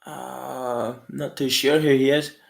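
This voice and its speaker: A man's voice: medium pitch, level tone, takes it slowly, gravelly. A Scottish man chatting casually on a live stream, swearing freely and laughing often as he answers viewers. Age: adult with school-age kids.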